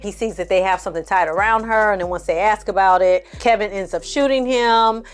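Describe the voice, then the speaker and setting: Speaking at normal speed with hardly a pause, a woman with a medium-pitched voice bluntly recaps a movie as a film review host. Her storytelling is profane and exasperated, and she performs the characters' quotes herself.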